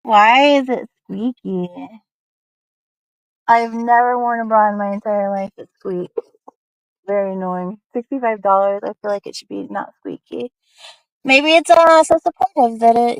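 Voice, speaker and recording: A woman's voice: on the high side, fairly even intonation, normal speed, a little mellow, no echo, poor audio. A young woman chatting casually on a live stream at home, rambling with lots of fillers.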